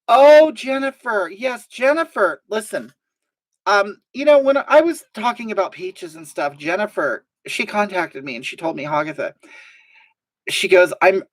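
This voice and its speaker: A woman hosting a live stream, reading out viewer comments in a sassy, drawling, mock-sincere way. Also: mid-range voice.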